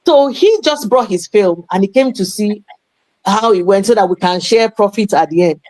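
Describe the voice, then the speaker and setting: Woman, interview guest, lively storyteller with Yoruba asides, dry close sound. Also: mid-range voice, normal speed, no room sound, low-quality recording. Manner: animated storyteller mixing English with Yoruba phrases. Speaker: interview guest, playwright and promoter.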